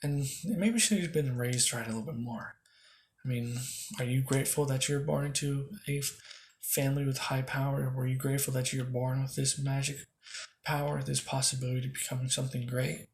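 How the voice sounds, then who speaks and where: A man's voice: medium pitch, fairly even intonation, brisk, a little hiss or hum, close to an everyday voice. Dude doing a snippy condescending noble girl, sarcastic, barely changes his voice.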